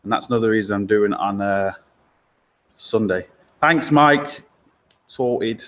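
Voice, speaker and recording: A man's voice: fairly low pitch, a bit bright. Guy chatting on a live stream from his garage, rambly and friendly asides, picked up on a camera mic. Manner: loose and chatty, with fillers and quick asides. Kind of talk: casual live-stream chat, reading out viewer comments. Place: garage workshop. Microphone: laptop or camera mic held by a helper.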